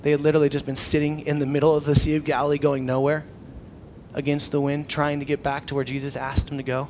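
Young male pastor, slightly high voice, casual sermon delivery that drops to near-whispers, faint hiss behind. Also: completely flat delivery, fast. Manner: conversational preaching, swings between loud emphasis and hushed tones.

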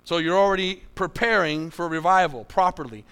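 A man's voice: high-pitched, moderate pace, a bit bright, smooth. A man preaching a sermon as pastor, repeating key lines for emphasis and asking his congregation for amens.

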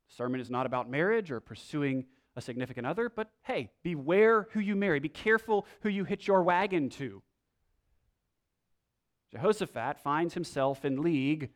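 A male pastor with a slightly high voice preaches, prays, and reads from scripture in a conversational style full of asides and rhetorical questions.

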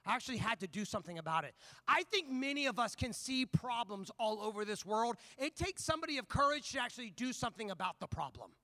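A man preaching a sermon, telling a personal story in an animated, conversational way before turning to scripture. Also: extremely high pitch, fast talker, no echo, studio quality. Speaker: pastor.

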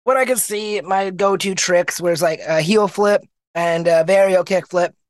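Young Canadian man, high voice, dry close sound; guest who tells animated, acted-out anecdotes. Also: unhurried, no room sound. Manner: animated storyteller, acts out quoted people. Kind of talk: casual interview chat.

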